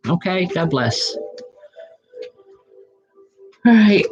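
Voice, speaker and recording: A woman acting as a reverend and psychic medium, giving live readings in a gentle, reassuring way and calling viewers by name, with many "um" fillers. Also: mid-range voice, sing-song, drawn-out words, creaky, soft background music, low-quality recording.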